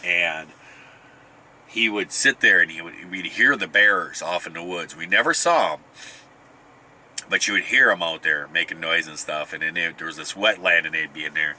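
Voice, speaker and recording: A man's voice: low voice, pushed and bright, slight background noise. A middle-aged man casually telling a rambling family story, often restarting and chuckling. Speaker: podcast host.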